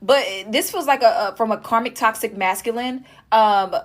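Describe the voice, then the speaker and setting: A woman's voice: on the high side, normal speed. A woman doing a casual tarot reading, talking straight to her viewers with emphatic repetition. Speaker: tarot reader.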